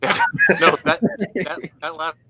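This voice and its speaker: A man co-hosting a casual online chat over a video call, joking and telling stories in an animated way. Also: on the high side, slow, vocal fry, no echo, low-quality recording. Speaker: co-host. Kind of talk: casual banter.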